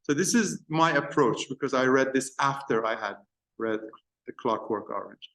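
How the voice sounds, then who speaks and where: A man giving an informal university film lecture, often pausing and searching for words as he explains. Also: mid-range voice, animated, fairly bright tone. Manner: halting, searching for words between points.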